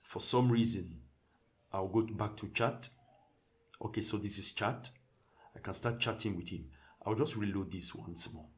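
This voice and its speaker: Man, very low voice, easygoing screen-share tutorial delivery, thinks aloud with restarts. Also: measured pace. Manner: relaxed, thinks aloud with restarts while clicking through settings. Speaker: tutorial presenter.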